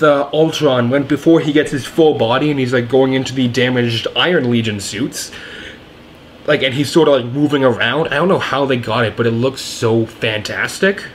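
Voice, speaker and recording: Young guy rambling through a movie review, lots of uhs and likes, faint hiss behind. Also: medium pitch. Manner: rambling, enthusiastic, many fillers and restarts. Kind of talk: casual spoken film review.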